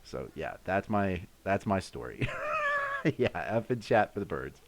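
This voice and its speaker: Man, 30s, live stream host, casual storytelling, lively swooping pitch, acts out sound effects. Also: moderate pace, vocal fry. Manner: animated, acts out sounds and his own shouts.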